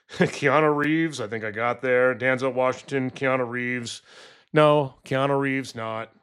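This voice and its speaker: A man speaks at an ordinary middle pitch in a loose, rambling monologue. He stops and restarts often, fills gaps with "uh" and "um", and briefly acts out the voices of people in his story. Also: slow pace, a bit bright, clean tone. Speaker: political commentary vlogger.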